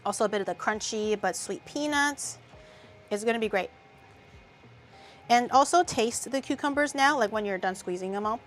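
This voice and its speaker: A woman's voice: on the high side, normal speed, pauses often, soft background music. Chatty woman explaining a recipe. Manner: chatty, casual, with crude jokes. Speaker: vtuber cooking host. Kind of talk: casual cooking tutorial.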